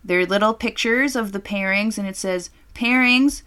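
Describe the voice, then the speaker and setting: A woman's voice: mid-range voice, moderate pace, a bit bright, clear, resonant tone. A young woman co-hosting a podcast, chatting casually in a brash, joking, profane way. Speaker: podcast co-host. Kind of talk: casual chat.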